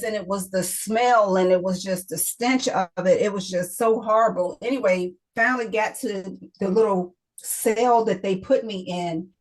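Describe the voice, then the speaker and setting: A woman's voice: medium pitch, poor audio. A middle-aged woman, a guest author, telling an emotional personal story in an interview, often repeating herself and quoting others.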